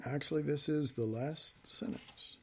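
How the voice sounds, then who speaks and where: A man preaching a sermon, swinging from hushed whispers to loud emphasis, with folksy, chuckling asides. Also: a little high, a little slow, husky.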